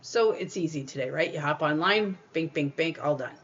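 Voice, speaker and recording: A woman's voice: low voice, moderate pace, dull audio, a little hiss or hum. A woman hosting a podcast, giving encouraging spiritual self-help advice in a conversational way and acting out little quoted voices. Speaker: podcast host.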